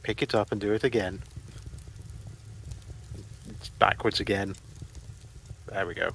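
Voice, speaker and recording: A man's voice: on the low side, fairly even intonation, a little slow, fairly bright tone, a little hiss or hum. A man co-playing on a gaming stream, chatting with a dry, wry humour. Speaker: co-player on stream. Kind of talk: casual gaming chat.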